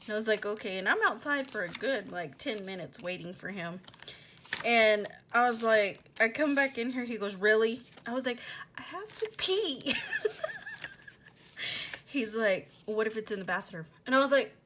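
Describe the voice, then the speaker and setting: A woman's voice: mid-range voice, fairly quick, a little hiss or hum. Chatty young woman telling a story. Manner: chatty, animated retelling with lots of "like" and quoted dialogue; drops to a soft near-whisper while working. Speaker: planner vlogger. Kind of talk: casual storytelling while decorating a planner.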